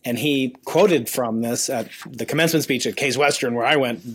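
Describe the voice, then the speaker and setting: Host, fifties man, physics professor, chatty, stumbles into restarts, middle pitch. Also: normal speed, husky. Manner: rambling, stammering restarts, chatty. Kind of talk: conversational interview.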